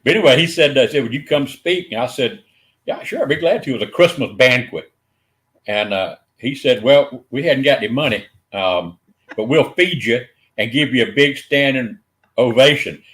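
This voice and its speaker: A man's voice: medium pitch, moderate pace, fairly bright tone. An older man with a Southern US accent, a guest telling a funny story in an easygoing, dry-humored way, chuckling now and then. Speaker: guest speaker. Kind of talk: casual storytelling chat.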